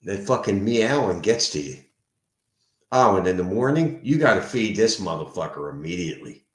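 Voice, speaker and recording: A man with a Philadelphia accent, a sober house manager, telling a story at home in an animated, profane way. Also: deep voice, normal speed. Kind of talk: casual venting monologue. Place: indoors at home. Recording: roomy echo.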